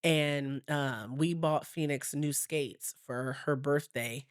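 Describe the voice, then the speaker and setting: Low-voiced woman chatting on a podcast. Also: slow pace, clear, resonant tone, no room sound, clean studio sound. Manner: animated storyteller who acts out her daughter's lines. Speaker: podcast co-host. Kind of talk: casual chat.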